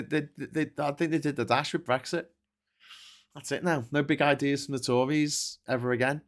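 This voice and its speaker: A man's voice: medium pitch, a bit bright. Sweary, chatty man. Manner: sweary, chatty, many restarts and laughs. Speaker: livestream host reading chat. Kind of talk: casual political commentary. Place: at home with a dog.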